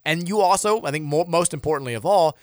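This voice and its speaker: A man's voice: on the high side, fast talker, no room sound, clean studio sound. A man hosting a sports radio show, talking casually in a rambling way with many restarts. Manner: animated, rambling, frequent restarts and repeated words. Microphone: studio microphone.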